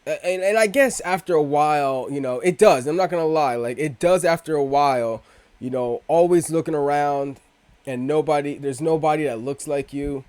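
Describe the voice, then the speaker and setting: A man's voice: fairly high pitch, normal speed, darkish tone, no echo. Rambling, slangy male vlogger. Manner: rambling, profane, self-interrupting with slang. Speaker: crypto video host. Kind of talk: casual rambling vlog talk.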